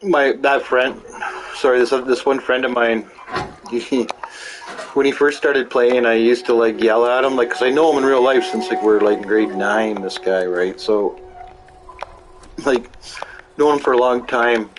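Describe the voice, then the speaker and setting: Pausing often, this gaming streamer keeps a steady tone and measured pace in his mid-range voice, recorded in low quality with game music behind him. He chats casually, rambling into stories and cursing freely.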